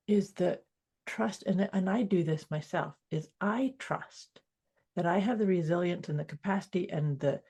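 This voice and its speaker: A woman hosts a podcast in casual conversation, her voice gravelly and husky. She works through her ideas reflectively and often restarts her sentences. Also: on the low side, warm tone. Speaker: podcast host. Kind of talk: casual chat.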